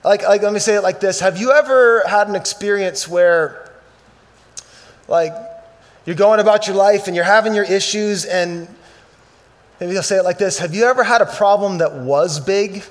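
A male pastor preaching a sermon, swinging from loud emphatic bursts to quiet, slow scripture reading. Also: high voice.

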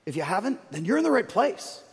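A man preaching a sermon as pastor, animated, moving from loud storytelling to hushed emphasis. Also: high voice, fast, breathy edge, in a large hall.

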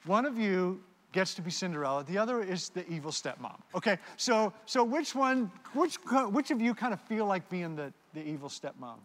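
A man's voice: high-pitched, big pitch swings, moderate pace, few pauses. A man preaching a sermon, animatedly directing volunteers on stage. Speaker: pastor. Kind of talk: sermon with audience participation skit. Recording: long hall reverb.

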